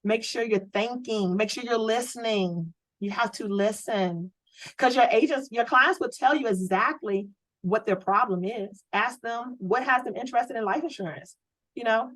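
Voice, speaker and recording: A woman running a sales training on a video call, coaching with lively, preachy energy and lots of rhetorical questions. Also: fairly high pitch, moderate pace, dry recording, poor audio. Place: home office.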